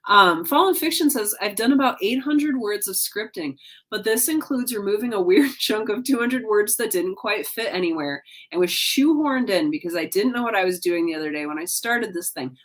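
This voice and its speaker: A woman's voice: medium pitch, lively intonation, moderate pace. A tired woman hosting a casual livestream from home, yawning between comments she reads aloud and cheering on viewers. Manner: yawning, drowsy, upbeat and encouraging. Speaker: livestream host.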